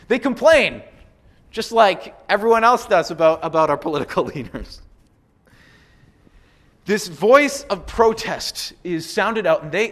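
A high-pitched man preaching a sermon. He is animated and emphatic, drives his points home with repetition, and slips into quick acted-out voices of others. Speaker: pastor.

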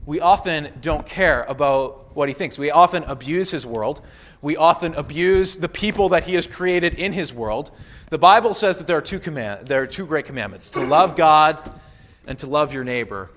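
A pastor delivers a sermon in a relaxed, conversational manner, sprinkling in casual asides and playful quoted voices. His voice is a little higher than most men's.

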